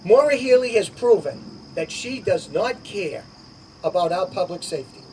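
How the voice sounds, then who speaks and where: A man's voice: sits high, lively intonation, normal speed, mellow, a little hiss or hum. A middle-aged man giving an emphatic, repetitive campaign speech outdoors at a party. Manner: emphatic, repetitive, punchy promises. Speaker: political candidate. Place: outdoor summer garden party. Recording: distant outdoor recording, crickets.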